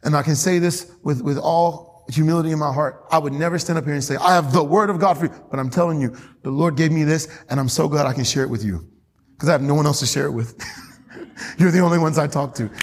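A man's voice: fairly high pitch, fast. A man preaching a fervent, emphatic sermon as pastor, reading scripture aloud to his church. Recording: long reverb in a church hall.

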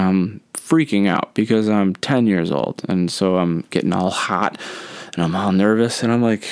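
A young man hosting a solo podcast, telling childhood stories in a relaxed, rambling way with many fillers. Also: deep voice, normal speed, clear, resonant tone, no room sound. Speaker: podcast host. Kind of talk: casual solo storytelling.

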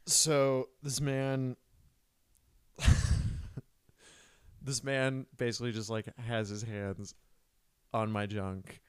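A man's voice: mid-range voice, little pitch movement, extremely slow, long pauses, smooth, no echo. A young man co-hosting a podcast, telling a long, profane story with lots of quoted dialogue in casual chat. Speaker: podcast co-host. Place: New York City.

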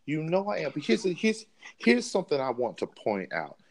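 A man's voice: fairly high pitch, wildly swooping pitch, normal speed, creaky, a little hiss or hum. A man co-hosting a sports podcast, arguing a point with emphatic, repeated words. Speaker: podcast co-host. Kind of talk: sports debate.

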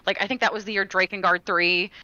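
A woman co-hosting a gaming podcast tells a personal story in a chatty, casual way, full of fillers and restarts. Her mid-range voice is steady and sharp, and she talks fast. The recording is dry, with the highs cut off.

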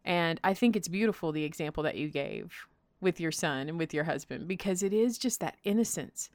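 A woman's voice: on the low side, brisk, darkish tone, no echo. A middle-aged woman co-hosting a faith-based chat, telling stories with playful voices and laughter. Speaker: co-host.

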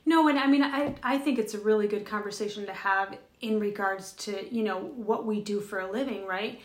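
Medium-pitched and speaking at normal speed, a podcast co-host shares a personal story on a spiritual chat show, with a roomy sound. She's earnest, wandering, and keeps starting sentences over.

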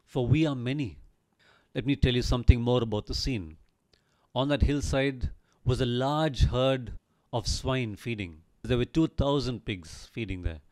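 A man retells a Bible story as a teaching, earnest and emphatic in tone. His pitch sits in an ordinary middle range. He draws the listener in with frequent rhetorical questions. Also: unhurried, darkish tone.

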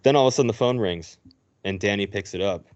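Brief: low-voiced male host, chatty film recap, dull lo-fi sound. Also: fast. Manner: animated retelling, acting out characters' lines. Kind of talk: casual movie recap. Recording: dull lo-fi recording.

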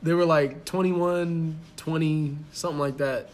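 A young man in his twenties, rambling through a casual podcast chat. His voice sits a little high, and he swears freely and piles on fillers as he thinks out loud. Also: steady tone, unhurried. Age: 20s. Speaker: podcast co-host.

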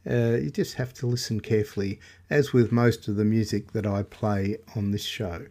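A man's voice: lowish voice, steady tone, normal speed, a little mellow. Man hosting a radio music show. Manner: joking asides, hesitant fillers. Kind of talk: casual radio presenting.

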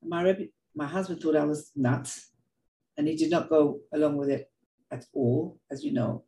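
An older woman giving a heartfelt personal talk, telling stories in an earnest, animated way and often repeating words. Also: sits low, moderate pace, reverberant, low-quality recording. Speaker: speaker sharing reflections.

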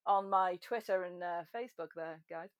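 A woman chatting as a podcast guest, self-mocking and quick to laugh. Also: lowish voice, clear, resonant tone, dry recording, clean studio sound. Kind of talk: casual chat.

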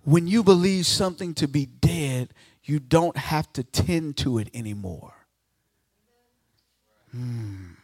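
A guest pastor preaching a sermon to a congregation. He acts out the speakers he quotes and swings from loud declarations down to hushed near-whispers. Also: mid-range voice, dry recording, clean studio sound.

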